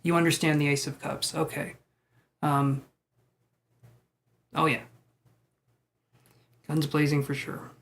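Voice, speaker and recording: A man's voice: a little high, level tone, slow, gravelly, long pauses, a bit bright. A man live-streaming tarot readings, chatting with viewers in a joking, self-deprecating way. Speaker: tarot reader.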